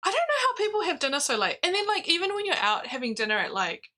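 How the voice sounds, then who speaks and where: A woman's voice: very high-pitched, fast talker. Bubbly New Zealand woman. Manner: animated storytelling, laughs easily. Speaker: stream co-host. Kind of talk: casual chat.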